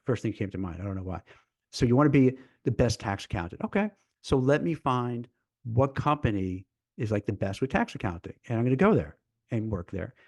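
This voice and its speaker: A man's voice: mid-range voice, fairly quick, no echo. A man working as a recruiter and hosting a casual live-stream chat, speaking animatedly and stumbling over repeated words as he gets fired up. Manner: animated, acts out dialogue in mock voices, repeats words when fired up. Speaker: recruiter and show host.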